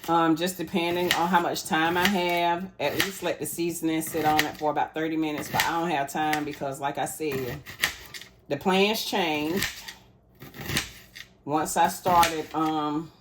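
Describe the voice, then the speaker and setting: While cooking at home, this woman vlogger keeps up easygoing chatter with her audience, whom she calls y'all. She has a low-pitched voice with fairly even intonation and a measured pace, and there's background noise.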